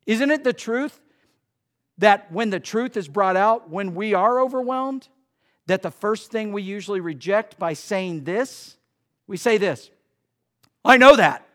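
A man preaching a sermon in church, swinging between loud emphasis and quiet asides. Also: high voice, expressive, measured pace. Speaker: pastor. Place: church sanctuary.

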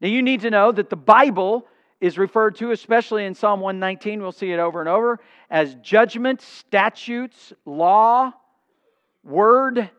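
An older male pastor preaches with a notably high voice, leaning hard on key phrases and pausing for effect. He acts out little back-and-forth exchanges. The recording sounds dull and lo-fi. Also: a bit bright, clear, resonant tone. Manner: emphatic preaching with dramatic pauses and acted-out dialogue. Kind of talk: sermon.

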